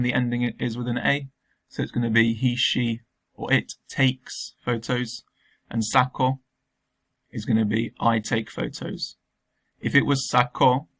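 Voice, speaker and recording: A man's voice: mid-range voice, vocal fry, a bit bright. A man teaching a recorded remote lesson, explaining patiently step by step with frequent ums.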